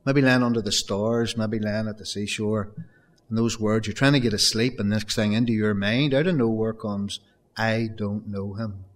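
A man's voice: lowish voice, steady tone, moderate pace. A man preaching a sermon, earnest and building to emphatic raised peaks, often addressing his congregation as folks.

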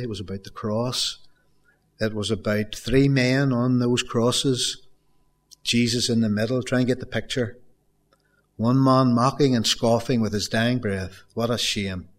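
Preacher guy, middle-aged, tells stories in his sermon, says things twice. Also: medium pitch. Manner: storytelling preacher, repeats phrases. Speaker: pastor.

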